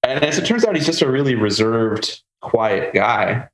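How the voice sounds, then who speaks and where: A man hosting a podcast, telling a long car story in a casual, animated way and acting out the people he quotes. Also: mid-range voice, moderate pace. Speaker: podcast host. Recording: roomy with faint ambient noise.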